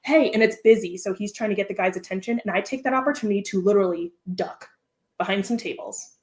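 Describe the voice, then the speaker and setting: A woman's voice: mid-range voice, fast talker. A woman from Southern California, a livestream guest telling a story and acting out the voices of the people in it. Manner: animated, acts out quoted voices.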